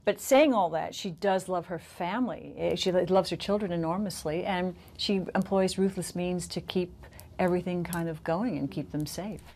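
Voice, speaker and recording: A woman's voice: on the low side, normal speed, a little mellow. A woman actress talking about her role and her family in a giggly, candid interview. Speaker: actress guest. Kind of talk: press junket chat.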